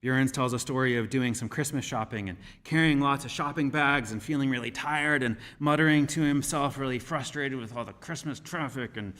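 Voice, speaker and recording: A man giving a sermon as minister, speaking in a measured, gentle storytelling manner. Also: medium pitch. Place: church sanctuary. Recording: reverberant church hall.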